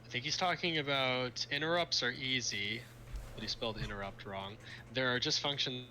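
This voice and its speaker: A man's voice: mid-range voice, normal speed, sharp tone. A young man streaming live, chatting casually about circuits, laughing often and trailing off mid-sentence. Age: young adult. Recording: faint background noise.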